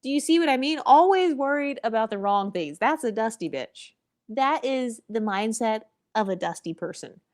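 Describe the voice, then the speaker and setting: A woman's voice: fairly high pitch, lively intonation, moderate pace. A woman vlogger giving blunt, opinionated commentary, sassy and profane, with mocking asides.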